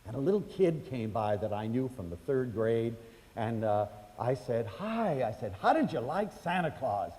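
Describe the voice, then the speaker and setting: An older man from the United States telling personal stories to an audience, chatty and animated, acting out the voices of the people in them. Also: mid-range voice, normal speed. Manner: animated, acts out quoted voices, chatty fillers. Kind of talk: storytelling lecture to an audience. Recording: hall reverb.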